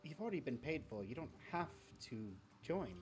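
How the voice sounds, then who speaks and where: GM playing a polite tiefling madam, hesitant, businesslike, soft, light music under. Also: medium pitch, very animated, brisk, natural voice. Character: flustered female tiefling brothel owner.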